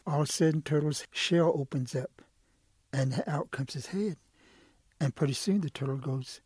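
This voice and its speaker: A man telling a traditional animal story the way he tells it to schoolchildren, relaxed and animated. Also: a little high, moderate pace, very noisy. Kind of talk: oral folk storytelling.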